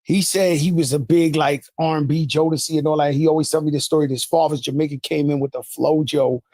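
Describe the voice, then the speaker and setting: Animated man from the Bronx telling stories. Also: a little high, quick pace, no echo, clean studio sound. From New York, the Bronx. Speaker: rapper guest on a podcast. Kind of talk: casual podcast chat.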